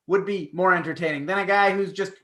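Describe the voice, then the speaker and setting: Man, high bright voice, dry sarcastic co-host, roomy echo. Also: fairly even intonation, fast. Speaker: podcast co-host. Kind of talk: casual chat.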